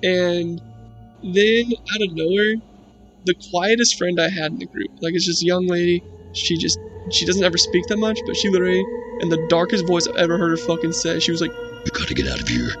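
A man's voice: high voice, fairly even intonation, fairly quick, over music. A young man casually telling a spooky story about his friends, rambling and swearing, with lots of "like". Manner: profane, rambling, heavy use of "like".

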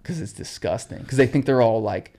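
A young adult man, a podcast guest, telling stories in a casual chat, swearing freely and getting animated. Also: mid-range voice, a little fast, vocal fry. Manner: profane, animated storyteller.

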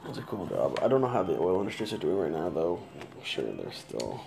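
A man's voice: low-pitched, wildly swooping pitch, fairly quick, vocal fry. A man in casual chat with a laid-back manner who swears casually.

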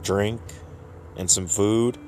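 A man's voice: fairly low pitch, steady tone, very slow, darkish tone, soft background music, pitched above the performer's own voice. A man voicing a folksy drifter who shows off a talking dog, speaking in a drawling, wheedling way.

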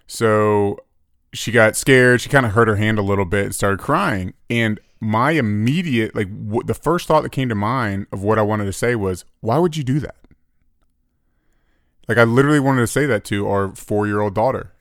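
Male co-host in his thirties, earnest and reflective, lower voice, dry close mic. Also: normal speed, a bit bright, no echo. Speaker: podcast co-host. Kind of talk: casual podcast chat.

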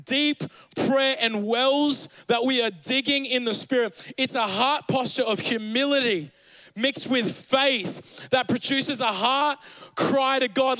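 A man's voice: very high-pitched, takes it slowly, sharp tone, dry recording, poor audio. A young man preaching a sermon as pastor, earnest and building to fervent urgency.

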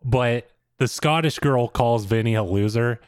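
A man's voice: mid-range voice, measured pace, smooth, dry recording, clean studio sound. A young man co-hosting a podcast, recapping a show in a casual storytelling way with wry remarks. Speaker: podcast co-host.

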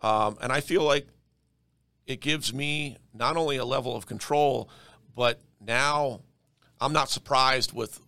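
A man being interviewed on a podcast talks through how he runs his business. His voice is bright and forceful, and the recording is dry and close. He speaks emphatically and repeats words as he gets going. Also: mid-range voice, measured pace, smooth, no room sound. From Denver area. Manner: emphatic, repeats words when starting a thought. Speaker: real estate investor guest.

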